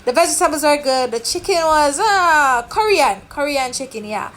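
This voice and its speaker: High-voiced chatty Jamaican woman vlogger. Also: normal speed. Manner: chatty, animated storyteller. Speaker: travel vlogger. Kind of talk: casual travel vlog chat.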